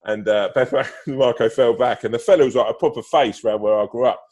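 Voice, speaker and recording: This man, appearing as a podcast guest on a glitchy remote call, speaks briskly at a medium pitch with a darkish tone. He curses liberally, restarts sentences and leans on fillers, and laughs out loud during his stories.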